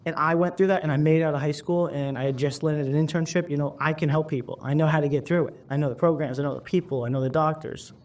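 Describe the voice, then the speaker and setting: A man's voice: fairly high pitch, fairly even intonation, fast talker, hardly any pauses, a little mellow. A young man, a motivational speaker, talking earnestly in an interview and telling personal stories with lots of casual fillers. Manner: earnest, emphatic, storytelling with many "like" fillers. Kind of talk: interview, then stage speech clip.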